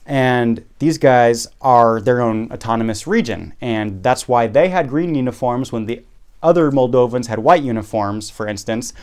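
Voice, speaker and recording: A podcast host casually telling a travel story, rambling, correcting himself and making wry asides. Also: male voice, medium pitch, normal speed, darkish tone, clean tone.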